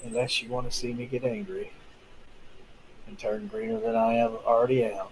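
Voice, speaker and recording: A man's voice: medium pitch, steady tone, moderate pace, long pauses, slight background noise, rough recording. A man playing a tabletop game, coaxing a fellow player in character. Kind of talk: tabletop role-play chat.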